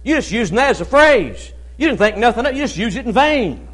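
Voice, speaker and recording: A male pastor preaching a Baptist sermon in a conversational way, often asking "amen?" and pausing with "uh". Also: very high voice, sing-song, a bit bright.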